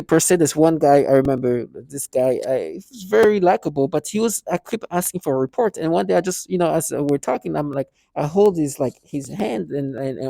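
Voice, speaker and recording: Man with a gravelly, dark voice, rambling. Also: a little high, no room sound. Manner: rambling, halting, with many restarts and quoted asides. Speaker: vlogger. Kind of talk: casual monologue to camera.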